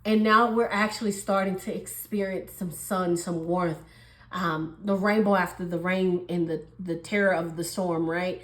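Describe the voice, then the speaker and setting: A woman's voice: lowish voice, steady tone, normal speed, roomy sound, low-quality recording. A woman giving a casual tarot reading in a chatty way. She laughs often and acts out little dialogues. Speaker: tarot reader.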